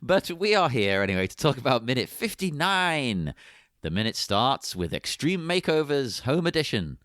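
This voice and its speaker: Man, podcast co-host, casual chat, very animated pitch. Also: normal speed, dry recording, clean studio sound. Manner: playful announcer delivery in intro.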